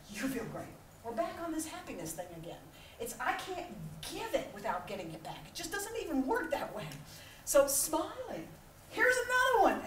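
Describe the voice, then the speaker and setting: A middle-aged woman delivers a motivational keynote with a high voice that swoops up and down. She plays out small scenes with laughter. She is heard from a distance in an echoey hall. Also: background noise. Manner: animated and humorous, acting out little scenes with laughter. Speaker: keynote speaker. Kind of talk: motivational conference talk. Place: large conference hall.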